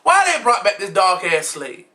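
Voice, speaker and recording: A man's voice: high-pitched, big pitch swings, normal speed, pushed and bright. A man giving a sassy, flamboyant, blunt gossip commentary as a vlogger, recording himself at home. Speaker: vlogger recapping a reality show. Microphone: camera mic, self-recorded.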